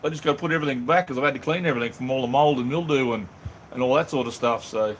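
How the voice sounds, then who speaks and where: A man's voice: medium pitch, rapid-fire, a little hiss or hum, poor audio. An Australian man hosting a casual live chat from his workshop, easygoing and calling everyone mate. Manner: laid-back, calls everyone mate. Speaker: livestream host. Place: home workshop.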